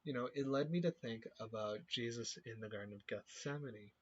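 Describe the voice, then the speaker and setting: Earnest, halting youth leader, man. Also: medium pitch, breathy edge. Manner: earnest, halting, searching for words. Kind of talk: personal faith reflection to camera. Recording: dull lo-fi recording.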